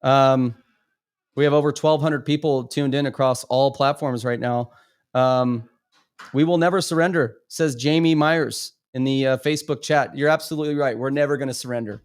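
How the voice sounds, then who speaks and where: A man's voice: medium pitch, fairly even intonation, normal speed, clean tone. A man hosting a live stream, talking emphatically and stumbling over repeated words. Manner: emphatic, stammering repetitions. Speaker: livestream host. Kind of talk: impassioned live commentary.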